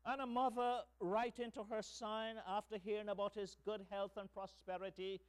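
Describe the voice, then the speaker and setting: A man preaching a sermon as pastor, slow and emphatic, tossing in rhetorical "hmm?" asides to the congregation. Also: high voice, little pitch movement, clean tone.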